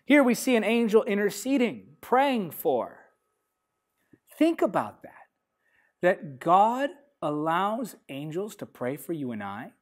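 A man preaching a sermon, reading scripture emphatically and swinging between loud declarations and softer lines. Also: high voice, big pitch swings, slow pace. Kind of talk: sermon teaching.

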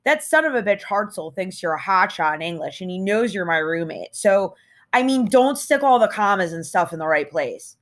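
A cocky teenage schoolboy pleads and brushes things off in loose slang, as a woman puts him on. His pitch jumps up and swings around as he coaxes. It is a storybook reading. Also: animated, moderate pace, lightly acted. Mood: coaxing. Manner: wheedling, offhand, slangy. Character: cocky male prep-school roommate, teen, pushy.

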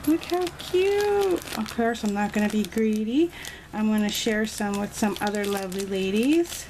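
A woman's voice: medium pitch, steady tone, moderate pace, darkish tone. A woman vlogger chatting casually as she shows off a nail-art haul, gushing and thinking aloud. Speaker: beauty vlogger. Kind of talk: casual unboxing chat. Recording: noisy home recording.

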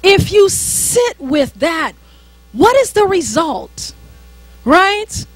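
A woman's voice: very high-pitched, sing-song, takes it slowly, dry recording. A woman minister preaching a sermon in an emphatic, conversational way, often repeating herself.

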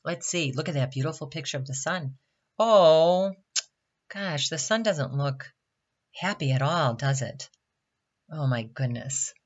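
A woman's voice: sits low, lively intonation, a little slow, pauses often, breathy edge, dull audio. A woman reading a picture book aloud to children at a Bible camp, stopping often to ask the listener questions. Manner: chatty asides asking the listener questions.

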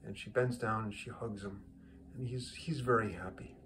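A man's voice: on the low side, fairly even intonation, normal speed, a bit bright, slight background noise. A man casually telling his weekly joke, rambling with many restarts and repeated words. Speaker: joke teller, host of a weekly joke.

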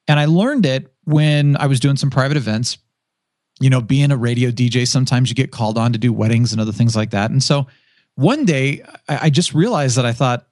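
Dry-voiced man, animated podcast guest. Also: medium pitch, fairly quick, dry recording. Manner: animated storyteller who acts out quoted voices. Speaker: podcast guest, former radio DJ. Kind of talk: casual podcast interview.

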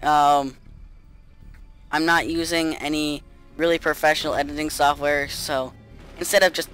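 Man, gameplay commentary, monotone, dry sarcasm, smooth higher voice, faint music underneath. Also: measured pace. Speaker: gaming YouTuber.

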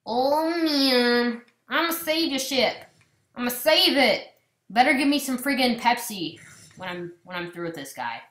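A woman giving casual gameplay commentary, swinging between loud outbursts and muttered asides. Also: a little high, lively intonation, unhurried, echoey room. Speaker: gamer commentator.

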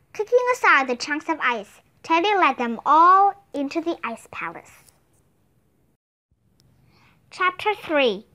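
A woman narrates a children's story with animated expression. Her voice sits high and moves a great deal in pitch. The delivery is clear storytelling. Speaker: reader. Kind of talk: audiobook narration.

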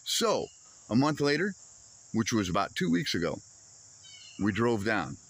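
A man's voice: fairly low pitch, a little slow. A man casually telling a frustrated story on his homestead vlog, swearing freely and acting out back-and-forth exchanges. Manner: animated, swears freely, acts out quoted exchanges. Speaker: homesteading vlogger.

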